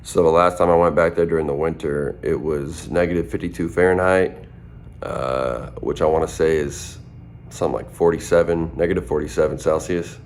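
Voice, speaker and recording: A man's voice: fairly even intonation, moderate pace, a little mellow, slight background noise. A man in his twenties from southern Minnesota, a rapper casually answering fan questions in a playful, drawling way. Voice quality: very deep, gravelly voice. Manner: laid-back, drawling and playful. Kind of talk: casual chat.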